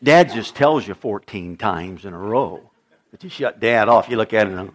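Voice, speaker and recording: A middle-aged American pastor preaches a sermon, telling stories and acting out the dialogue in shifting voices. His voice is on the low side and a bit bright, with lively intonation and a measured pace.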